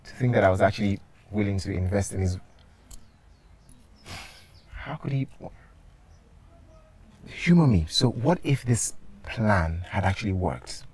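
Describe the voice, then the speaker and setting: A man's voice: low-pitched, darkish tone. An actor with a Nigerian accent playing an earnest, confused young man in a Nollywood film. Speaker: friend.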